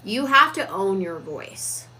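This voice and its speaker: Bright-voiced woman in a casual talk. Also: mid-range voice, sing-song, low-quality recording. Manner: reflective, deliberate, with frequent fillers. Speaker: self-improvement vlogger. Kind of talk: casual talk on personal growth.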